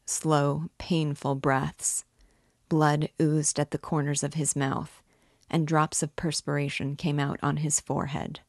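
Woman narrating an old novel, low gravelly voice, slow and measured, dry close sound. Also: a little mellow, no room sound. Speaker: reader and literature guide. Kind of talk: audiobook narration of a classic novel.

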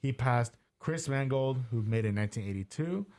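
A man's voice: medium pitch, fairly quick. A young man co-hosting a casual sports podcast, telling stories with lots of fillers. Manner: lively storyteller with frequent fillers. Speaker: podcast co-host.

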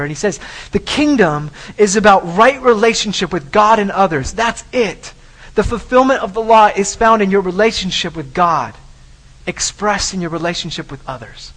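A man's voice: high-pitched, fairly bright tone, rough recording. A man preaching a sermon, emphatic, often repeating and restarting phrases. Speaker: pastor.

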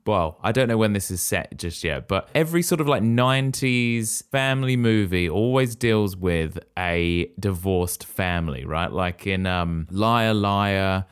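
A man's voice: sits low, expressive, measured pace, few pauses, smooth. A man co-hosting a casual podcast, chatting and riffing on film references as he reacts. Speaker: podcast co-host. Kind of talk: casual chat.

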